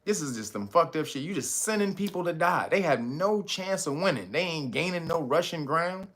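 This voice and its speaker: A man's voice: on the high side, expressive, moderate pace, fairly bright tone. A man hosting a commentary show, talking about the news in a loose, slangy, joking way and often breaking into laughter. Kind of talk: casual profane news commentary.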